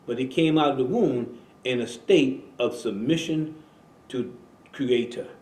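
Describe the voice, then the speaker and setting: A man hosting a religious broadcast preaches at an even, middle pitch, leaning hard on key words and repeating himself as he builds a point. His voice rings in a roomy studio. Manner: preaching, slow and emphatic, repeating phrases. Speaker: imam and show host. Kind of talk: religious talk radio conversation.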